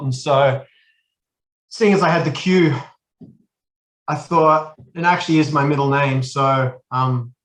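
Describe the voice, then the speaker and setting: A man's voice: a little high, a bit bright, echoey room. An Australian man in his forties, a podcast guest, talking casually and rambling with many restarts. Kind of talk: casual chat.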